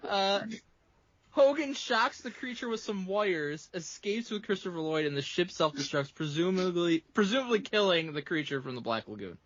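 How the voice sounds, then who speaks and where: A man's voice: high-pitched, animated, moderate pace, a bit bright, lo-fi sound. A man co-hosting a podcast, recapping a movie in casual, profane chat and laughing often. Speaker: podcast co-host recapping a film.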